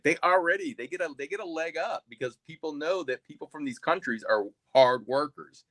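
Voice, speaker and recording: A man's voice: mid-range voice, expressive, a little fast, few pauses, fairly bright tone, dry recording. A man on a casual discussion panel, hesitant at first and full of restarts, then making his argument firmly. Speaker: panel guest.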